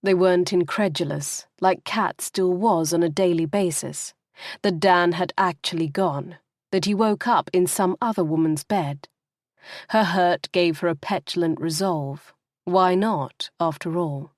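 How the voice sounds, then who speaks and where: Woman narrating a novel, lowish voice, super dry close mic. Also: measured pace, a little mellow, no echo. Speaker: audiobook narrator. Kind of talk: scripted narration.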